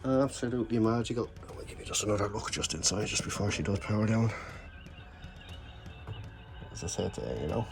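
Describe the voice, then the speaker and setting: A man's voice: on the low side, expressive, fairly quick, creaky, pauses often, darkish tone, soft background music. Chatty man reviewing a toy. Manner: enthusiastic, rambling, full of fillers. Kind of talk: casual unboxing chat.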